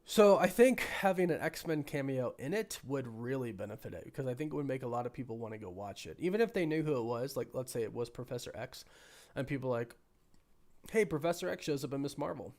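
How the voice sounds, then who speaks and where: Hoarse sick man chatting live. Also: medium pitch, lively intonation, fairly quick, darkish tone. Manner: rambling, thinking aloud with many restarts. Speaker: livestream host. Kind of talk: casual live chat with viewers.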